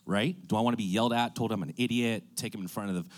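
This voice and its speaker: This man runs a real estate business and tells a story in a chatty, casual way, full of fillers and asides. He speaks fast in a fairly low voice.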